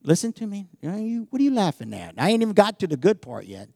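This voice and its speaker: Male pastor preaching; fairly high voice, dry close sound, shifts between fervent emphasis and hushed intimacy, calls for "amen?". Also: wildly swooping pitch, creaky, dry recording. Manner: swings from loud emphatic preaching to hushed, slow intimate talk; calls out to the congregation with repeated "amen?". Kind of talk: sermon.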